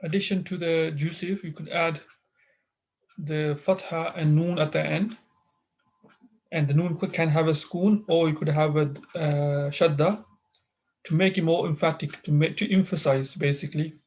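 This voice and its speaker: A man's voice: a little high, fairly even intonation, moderate pace, darkish tone. Man teaching Arabic grammar online. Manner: explains patiently with many fillers and restarts. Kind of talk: online interactive class.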